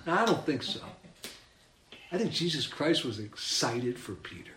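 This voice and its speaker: Animated preacher man in an echoey room. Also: mid-range voice, normal speed, slight background noise. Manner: animated, acts out the scene with rising emphasis. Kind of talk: sermon.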